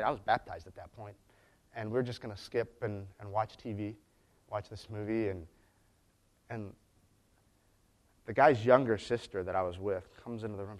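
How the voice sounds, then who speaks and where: A man preaching in a conversational way, telling stories with frequent restarts and asides. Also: fairly low pitch. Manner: chatty storytelling with frequent restarts. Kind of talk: conversational sermon.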